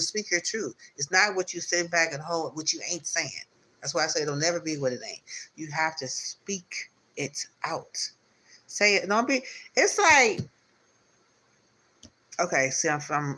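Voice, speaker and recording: Bright-voiced man rambling through a tarot reading. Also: a little high, poor audio. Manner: rambling, repetitive, spiritual pep talk. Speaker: tarot reader. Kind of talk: live-stream tarot reading.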